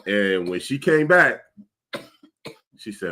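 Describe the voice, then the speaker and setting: Man podcast host with a very low voice, relaxed storyteller, laughs easily. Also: measured pace, heavy background noise. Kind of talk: casual chat.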